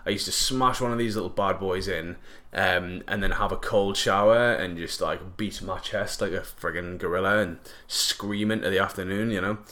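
A man's voice: low voice, steady tone, normal speed, few pauses, pushed and bright. A young man, chatting casually and jokily to camera, rambling with lots of fillers and slang. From northeast England.

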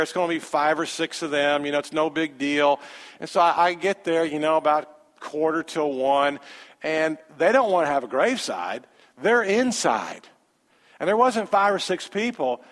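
A man, a pastor telling a story in a sermon with animated, conversational quoted dialogue. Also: high voice. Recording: long hall reverb.

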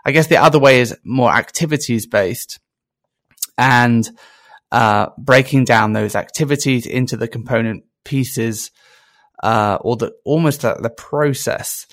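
A man's voice: mid-range voice, a little slow, a bit bright, no echo. A man hosting a casual podcast conversation, musing and thinking aloud with some hesitation. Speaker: podcast host.

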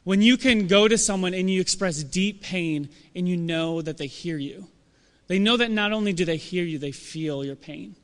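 A young man giving a casual, animated sermon to a church audience, acting out quoted voices as he talks. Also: sits high, normal speed. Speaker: church speaker. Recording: long hall reverb.

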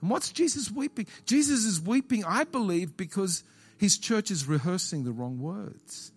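A man's voice: high voice, animated, moderate pace, slightly rough. A male pastor preaching a sermon in an auditorium, repeating key phrases and putting questions to the congregation.

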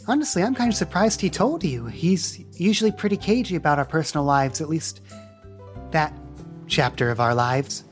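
A game player voicing an excitable young woman in a tabletop game, talking eagerly. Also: medium pitch, moderate pace, soft background music, natural voice. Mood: chatty.

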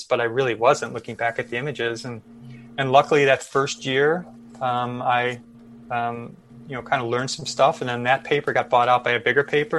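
A man's voice: medium pitch, fairly bright tone. Chatty man telling stories. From Chicago, USA. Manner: rambling with many fillers and restarts. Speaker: podcast guest photojournalist. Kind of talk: casual storytelling interview.

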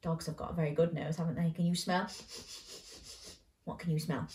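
A woman's voice: sits low, flat delivery, a little fast, pauses often, dark tone, reverberant. A woman hosting a children's show, reading a bedtime story aloud playfully and asking the listener questions.

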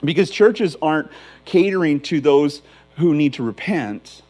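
A man's voice: fairly high pitch, animated, unhurried, a little mellow, poor audio. Man preaching a conversational sermon. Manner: conversational, emphatic preaching with restarts. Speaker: pastor.

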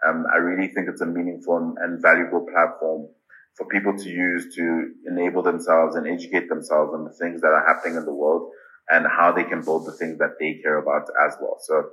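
A man speaking as a podcast guest, earnest and deliberate, often pausing with ums and repeating "I really think". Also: low-pitched, level tone, bright, forceful tone, low-quality recording. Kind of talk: casual interview answers.

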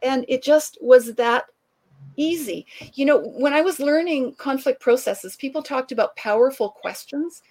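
A woman guest telling a long anecdote in conversation, animated and laughing often, acting out the people she quotes. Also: sits high, a little slow. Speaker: author and guest. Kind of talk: conversational storytelling.

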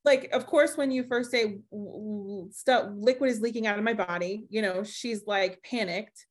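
Young adult woman, podcast guest, lively storyteller who acts out the quotes. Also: mid-range voice, normal speed. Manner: animated storyteller acting out quoted voices.

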